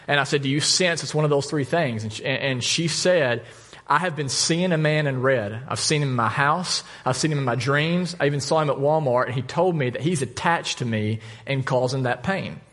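A male pastor preaching a sermon, telling a story with lively asides and jokes. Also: medium pitch, moderate pace. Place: church.

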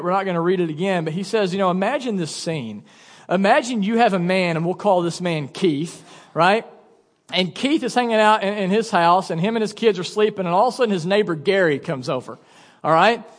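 A man in his thirties, a pastor preaching a sermon in a casual, joking storytelling manner. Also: sits high. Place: church sanctuary. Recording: long church reverb.

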